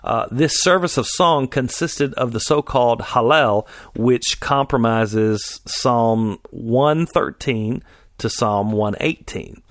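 A man leads a Bible teaching with an easygoing manner, pausing on fillers and restarting phrases as he reads and explains. His voice sits at an ordinary middle pitch. The recording is dry, with no room sound. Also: no room sound. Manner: conversational, frequent fillers and restarts while reading scripture aloud. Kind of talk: sermon-style Bible teaching.

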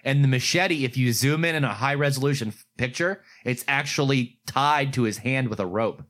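A Pittsburgh man tells a convention story in casual chat, animated and profane, acting out other people's lines in a raised voice. He speaks at normal speed in a mid-range voice.

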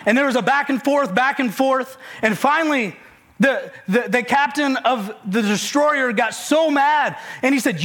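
A man with a high voice preaches a sermon in a casual, conversational way. He presses his points by repeating key phrases again and again. Folksy, humorous asides break up the message. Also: unhurried, a bit bright. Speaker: pastor.

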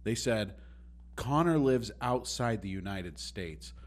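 A man's voice: on the low side, slow pace. A man visiting a podcast as a guest, telling stories in casual chat. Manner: animated storyteller.

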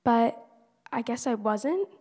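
A woman's voice: on the high side, animated, takes it slowly, warm tone. A teenage girl giving an earnest, conversational faith testimony at church, with many casual fillers. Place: church hall. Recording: long church-hall reverb.

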